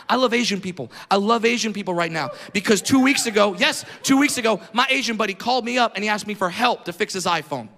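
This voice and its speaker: A man doing a stand-up comedy routine live, ranting loudly and often breaking into shouts. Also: high-pitched. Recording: echoey hall with crowd noise.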